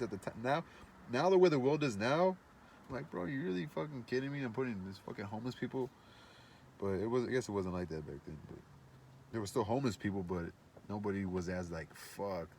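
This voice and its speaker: A man's voice: fairly low pitch, a little hiss or hum. A man telling a long personal story in casual speech, rambling and profane, with many fillers and restarts.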